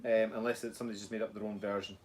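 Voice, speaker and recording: A man's voice: lowish voice, very fast. Scottish man casually chatting on a live stream. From Scotland. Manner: relaxed, hesitant, many ums, blunt swearing advice. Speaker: fitness coach co-hosting a live stream. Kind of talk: casual live-stream chat reading comments.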